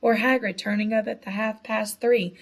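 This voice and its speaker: A woman narrating a children's novel with a lively, expressive reading. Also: medium pitch, moderate pace. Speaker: audiobook narrator. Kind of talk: storybook narration.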